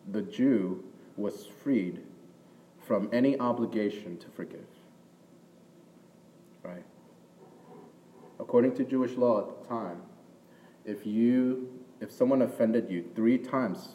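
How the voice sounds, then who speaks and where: A man preaching a sermon in a conversational way, often checking in with the audience with a quick "right?". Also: fairly low pitch, dark tone, slight background noise. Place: church hall with an audience. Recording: distant mic in a reverberant hall.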